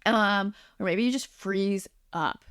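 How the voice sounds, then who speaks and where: A woman with a medium-pitched, slightly bright, smooth voice speaks slowly in a clean studio recording with no room sound. She's a healing practitioner hosting her own podcast, delivering a solo monologue in a chatty, casual way, full of likes and ums, and she acts out the voices of people she quotes.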